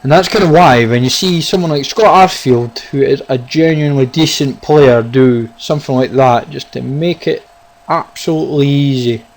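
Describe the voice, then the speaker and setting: Excitable man commentating gameplay. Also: mid-range voice, normal speed, poor audio. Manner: excitable, talks to viewers as "guys" and "lads". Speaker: gaming YouTuber. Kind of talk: casual live gameplay commentary.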